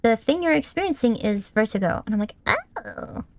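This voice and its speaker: A woman's voice: a little high, expressive, quick pace, darkish tone, slight background noise. A young woman streamer giving casual gameplay commentary, swearing often and scolding the game character.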